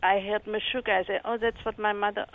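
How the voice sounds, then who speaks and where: A man, from Germany, calling in to a radio show and chatting in a halting way. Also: high-pitched, little pitch movement. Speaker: caller. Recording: tinny phone line.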